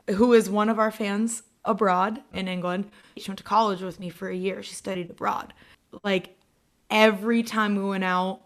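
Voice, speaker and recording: A woman's voice: mid-range voice, a bit bright. An American woman co-hosting a history podcast in casual, jokey chat, laughing often. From United States. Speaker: podcast co-host.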